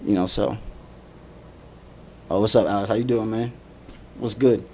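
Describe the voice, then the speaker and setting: A man's voice: on the low side, fairly even intonation, unhurried, background noise. Rambling man on a livestream. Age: adult father. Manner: rambling, repeats himself, swears, laughs often. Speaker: live streamer. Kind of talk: casual livestream monologue.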